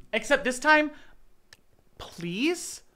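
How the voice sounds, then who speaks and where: Young guy streaming games, lively up-and-down voice, slow unhurried talk, big dramatic reactions. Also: extremely high pitch, slight background noise. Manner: excitable, dramatic reactions and playful teasing of chat. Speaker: game streamer. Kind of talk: casual gaming stream chatter.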